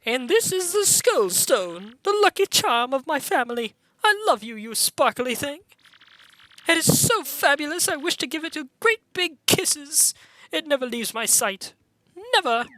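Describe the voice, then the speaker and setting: A man's voice: very high voice, sing-song, unhurried, bright, forceful tone, no echo, voice pushed up, heavily acted, poor audio. A man voicing a vain, flamboyant male trader in a mock French accent, gushing and grandiose. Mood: doting. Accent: put-on French. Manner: gushing, sing-song, grandiose.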